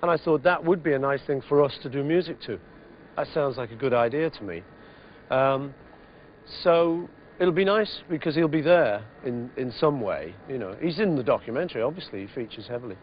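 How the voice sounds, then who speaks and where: A man's voice: medium pitch, animated, brisk, a little hiss or hum. Easygoing man in his fifties, lo-fi interview. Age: 50s. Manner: easygoing, rambling, many "you know"s. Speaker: interviewee musician. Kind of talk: reflective interview chat. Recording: dull lo-fi TV interview audio.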